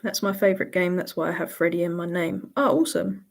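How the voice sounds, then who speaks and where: A woman's voice: lowish voice, fast, vocal fry. A woman hosting a casual live Q&A, chatty and laughing often as she reads out viewer questions. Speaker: livestream host answering viewer questions.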